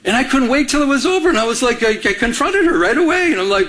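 High-voiced animated male preacher. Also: racing. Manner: animated storyteller, acts out quoted dialogue. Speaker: pastor. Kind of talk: sermon with personal story.

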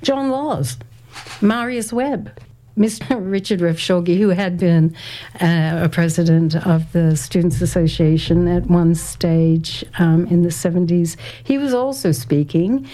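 A woman's voice: fairly low pitch, mellow. A woman in her sixties, a guest in an interview, reminiscing in a thoughtful, hesitant way and laughing easily. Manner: thoughtful and hesitant, reads quotes aloud, laughs often. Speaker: interview guest, former community radio volunteer.

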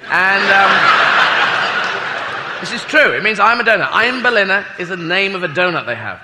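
Give me a rambling, self-mocking stand-up man with a fairly high voice. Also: big pitch swings, moderate pace. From Britain. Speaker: stand-up comedian. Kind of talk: stand-up comedy. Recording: reverberant hall with loud crowd noise.

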